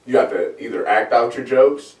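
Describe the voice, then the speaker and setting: A man hosting a podcast, telling stories in an animated, colloquial way in casual chat. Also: mid-range voice, moderate pace. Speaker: podcast host. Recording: roomy, distant mic.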